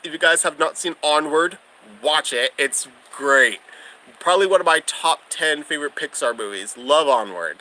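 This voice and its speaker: A man's voice: a little high, pushed and bright, rough recording. A young man hosting a casual livestream, chatting with viewers in a bubbly, gushing way and laughing often. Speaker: livestream host.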